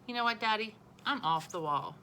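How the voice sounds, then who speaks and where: Woman reader doing a cheeky little boy, sing-songy and wheedling, higher and bright. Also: lively intonation, fairly quick, a little hiss or hum. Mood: playful.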